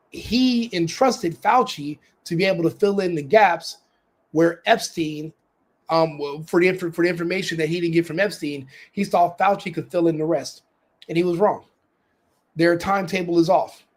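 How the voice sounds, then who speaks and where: A man hosting a podcast, delivering heated political commentary in a ranting style, hammering repeated demands and swearing. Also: fairly high pitch. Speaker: podcast host.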